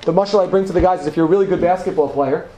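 A man's voice: high voice, rapid-fire, warm tone, roomy sound, a little hiss or hum, poor audio. A man teaching a Torah lesson to a live audience. He talks in a conversational, emphatic way and repeats words for stress. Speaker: rabbi teaching a class.

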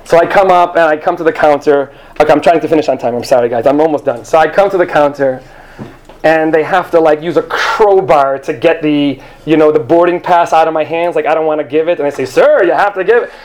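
Male storyteller, high voice, rambling self-deprecating stage anecdote, handheld mic. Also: brisk, a little mellow. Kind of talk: live comic storytelling. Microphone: handheld microphone.

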